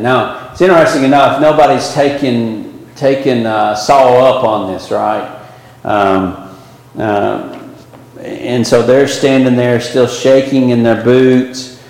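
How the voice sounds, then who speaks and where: A man's voice: medium pitch, a little mellow. A man teaching a Bible class, rambling with many fillers and restarts and pushing rhetorical questions up with emphasis. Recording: echoey hall with long reverb.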